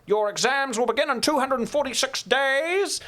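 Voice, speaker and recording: A man imitating a stern male boarding-school dorm master who speaks slowly, like an old cowboy. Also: very high voice, bright, forceful tone, pitched above the performer's own voice. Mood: commanding. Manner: slow, drawn-out, old cowboy-like delivery.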